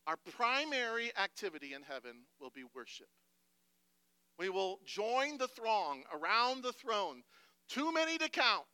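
A man, a pastor, preaching a sermon emphatically, moving between hushed passages and loud declarations. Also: high voice, very animated, measured pace, clean tone, no room sound.

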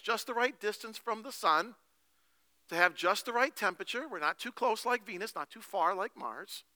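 Lively bright-voiced male preacher. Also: sits high, no echo. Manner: animated storytelling, drawn-out emphatic phrases. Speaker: pastor. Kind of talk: sermon.

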